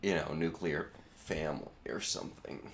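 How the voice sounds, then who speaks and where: A man co-hosting a casual podcast, dropping deadpan joking asides. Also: a bass voice, moderate pace, gravelly. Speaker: podcast co-host. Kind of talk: casual chat.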